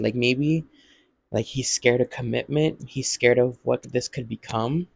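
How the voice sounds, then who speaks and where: A man's voice: mid-range voice, gravelly, background noise. A man casually recapping a TV episode in a vlog, rambling with lots of "like" and acting out what characters say. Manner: rambling, heavy use of "like", acts out quotes. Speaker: vlogger.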